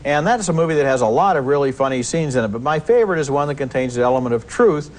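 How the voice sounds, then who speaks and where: A man's voice: medium pitch, lively intonation, fast, a little mellow. A man co-hosting a TV film review show, speaking in an eager, enthusiastic way. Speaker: film critic, co-host.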